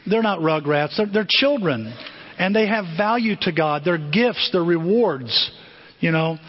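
High-voiced husky older pastor preaching. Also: male voice, measured pace. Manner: storytelling, animated, acts out quoted voices. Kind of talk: sermon. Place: church sanctuary. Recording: dull long-reverb church hall.

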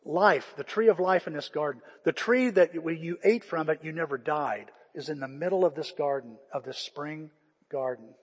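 Older pastor preaching in a reverberant church. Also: male voice, on the high side, normal speed, slightly rough. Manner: conversational preaching, retelling scripture with feeling. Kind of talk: sermon. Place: church sanctuary. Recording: long reverb of a church hall.

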